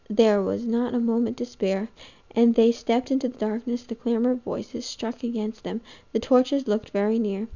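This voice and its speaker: A woman reading a novel aloud with a gravelly voice, steady and even. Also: on the high side, moderate pace. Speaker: reader. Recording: dull lo-fi home recording.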